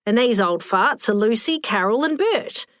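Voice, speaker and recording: Woman doing a naughty older mum, blunt and teasing, a bit high and lively. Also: moderate pace, no room sound, studio quality. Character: cheeky, fit older mother in a retirement village.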